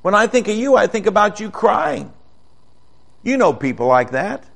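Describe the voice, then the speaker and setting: Older guy preaching, chatty, keeps asking the folks questions, a bit high-pitched. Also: very animated, normal speed, gravelly, a bit bright. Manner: folksy, asks the congregation questions. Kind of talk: conversational sermon.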